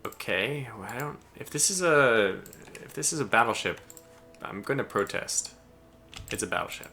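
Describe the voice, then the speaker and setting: Bright-voiced American man streaming a game. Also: mid-range voice, animated, normal speed. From United States. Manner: chatty, chuckling, barking orders at the game. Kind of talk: live strategy game stream commentary.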